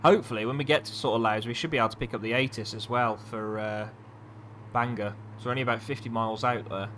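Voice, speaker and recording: A man's voice: mid-range voice, fairly even intonation, quick pace, fairly bright tone, slight background noise. A man, an airline pilot chatting casually as he streams a flight simulator, thinking aloud and poking fun at himself. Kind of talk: casual live-stream commentary.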